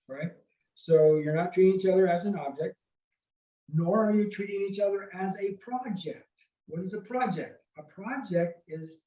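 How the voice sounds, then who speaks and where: A man's voice: fairly high pitch, roomy sound, distant mic, highs cut off. A man giving earnest, casual marriage advice from home, often checking in with "okay?". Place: home room near a window.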